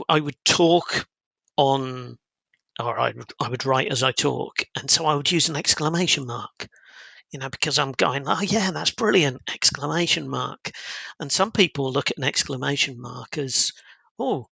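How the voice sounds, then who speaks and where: Upbeat man with a gravelly edge. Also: mid-range voice, sharp tone, no room sound, low-quality recording. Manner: upbeat, chatty, with many fillers. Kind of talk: casual podcast conversation.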